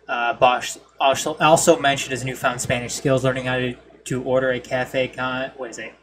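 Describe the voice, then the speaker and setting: A man's voice: medium pitch, flat delivery, normal speed, fairly bright tone, slight background noise. A man with a nasal Midwestern accent hosting a casual sports podcast and reading headlines in a laid-back, self-mocking way. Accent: Midwestern American.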